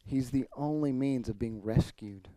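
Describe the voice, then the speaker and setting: A man's voice: medium pitch, a little slow, dark tone, no echo. A man pastor preaching an expository sermon, earnest, building to emphatic points. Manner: earnest preaching, rising emphasis, occasional throat clearing.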